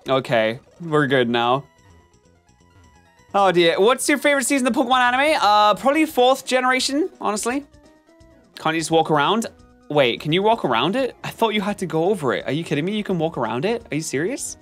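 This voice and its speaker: A man streaming gameplay commentary, chatting with his viewers in an animated, self-mocking and melodramatic way. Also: sits high, a little fast, soft background music. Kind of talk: live-stream gameplay commentary, reading chat.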